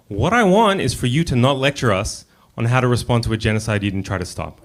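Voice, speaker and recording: A man's voice: medium pitch, lively intonation, fast talker. A man performing a stand-up set, confronting the audience directly. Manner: confrontational, addressing the crowd. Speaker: stand-up comedian.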